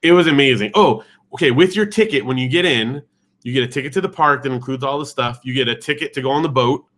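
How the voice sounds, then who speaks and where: A man's voice: medium pitch, fast, a bit bright. A man in his thirties from California, telling a travel story in casual chat and mimicking the voices he heard. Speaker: podcast co-host.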